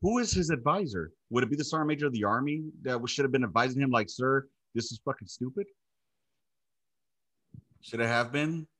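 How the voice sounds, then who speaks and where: A middle-aged man hosting a casual conversation as an army veteran. He talks in a plain, mid-pitched voice and drives every point home with blunt, profane emphasis. He drifts easily into stories told the same way. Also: expressive, fast talker, few pauses, fairly bright tone. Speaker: podcast host, army veteran. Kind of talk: casual chat.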